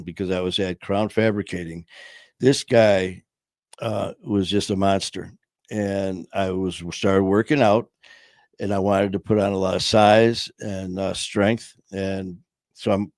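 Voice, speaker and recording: A man's voice: on the low side, a little mellow, no room sound, clean studio sound. A man in his sixties from Michigan, hosting a podcast and telling loose, profane stories full of "man" and "you know". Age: 60s. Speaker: podcast host. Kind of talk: casual storytelling interview. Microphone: streaming podcast mic.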